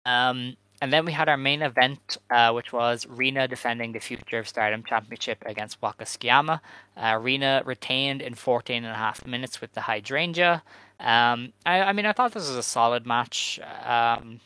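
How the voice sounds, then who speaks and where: A man's voice: medium pitch, normal speed, bright, forceful tone, clear, resonant tone, no room sound, poor audio. Chatty man hosting a podcast. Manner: chatty, filler-heavy recapping. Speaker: podcast host. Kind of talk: casual chat.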